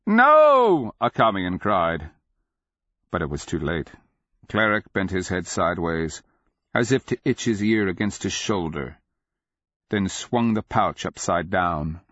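Deep, slow male audiobook narrator. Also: fairly bright tone, dry recording. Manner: measured, grave, deliberate. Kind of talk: scripted fantasy narration. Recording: dull lo-fi audio.

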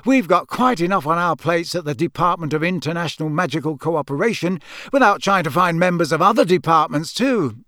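A man's voice: fairly high pitch, expressive, a little fast, fairly bright tone, dry recording, voice pushed up. A stuffy young official who lectures everyone, as a male audiobook reader puts him on. The voice sits raised and officious, recorded close and dry. He speaks with pompous self-importance.

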